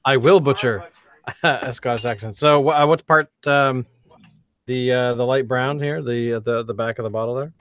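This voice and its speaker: Bright-voiced joking man. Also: medium pitch, normal speed. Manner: jokey, self-deprecating. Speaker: podcast co-host reviewing beer. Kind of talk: casual chat.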